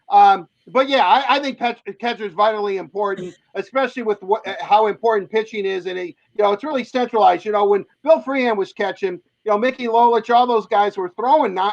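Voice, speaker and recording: An older man chats about sports at a high pitch, stammering and restarting his sentences. His voice comes through dull and close, with no room around it. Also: dry recording. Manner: halting, repeats words. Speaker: co-host, sports talk. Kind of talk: casual sports chat.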